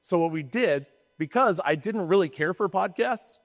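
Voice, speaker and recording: A man's voice: high voice, expressive, normal speed, in a large hall. A man co-hosting a podcast in casual chat, talking in a rambling, emphatic way and often restarting his sentences. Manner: rambling, self-interrupting, emphatic. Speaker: podcast co-host.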